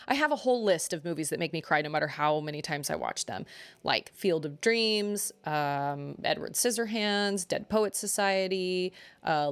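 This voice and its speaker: A woman's voice: medium pitch, a bit bright. A woman livestreaming, chatting casually and rambling as she reacts to her viewers. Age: adult parent. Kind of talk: casual chat.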